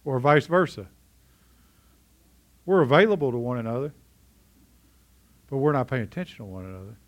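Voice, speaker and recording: A man's voice: medium pitch, big pitch swings, moderate pace. A middle-aged man preaching a sermon in a conversational way, often asking his congregation questions. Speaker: pastor.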